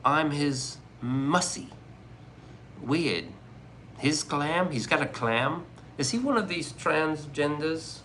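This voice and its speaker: A man's voice: fairly high pitch, expressive, slow pace, fairly bright tone, slight background noise. A man streaming live, chatting casually with his viewers in joking, profane, rambling banter. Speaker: livestreamer reading chat. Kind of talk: casual livestream chat.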